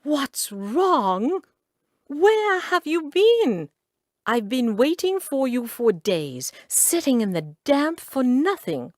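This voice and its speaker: A spirited young lady of a romance storybook speaks with emphasis and indignation, played by a woman narrator. Her pitch swoops widely and she takes her time. The sound is close and dry. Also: big pitch swings, slow, few pauses, darkish tone, no room sound. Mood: indignant.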